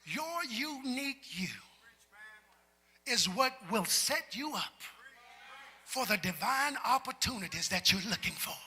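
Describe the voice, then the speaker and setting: A man preaching a sermon as pastor, talking with the congregation and building up to shouts. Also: extremely high pitch, expressive, a little slow, long pauses, a little hiss or hum. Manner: preacherly, call-and-response, climbs to shouts. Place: large church sanctuary. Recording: long hall reverb in a large sanctuary.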